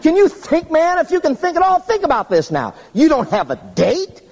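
High, lively-voiced male preacher. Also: moderate pace, long reverb tail. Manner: animated, jumps to high squeaky tones for effect. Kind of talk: humorous sermon storytelling.

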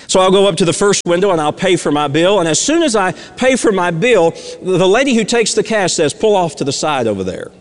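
Male preacher, high voice; storytelling sermon; reverberant sanctuary sound. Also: a little fast, few pauses. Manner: storytelling, swings from loud emphasis to hushed near-whispers.

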